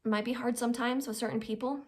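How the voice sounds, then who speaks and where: A woman's voice: fairly high pitch, fast talker. A woman giving an informal life-skills lesson in a conversational way, often checking in with "right?". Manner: acts out quoted people in lively little voices. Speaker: advice host.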